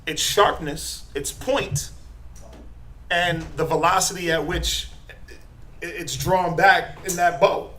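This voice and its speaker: A middle-aged man teaching a Bible class, quizzing his students and tagging his points with "right?", building to forceful emphasis. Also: fairly high pitch, slow, pauses often. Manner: asks the class questions, tags lines with "right?".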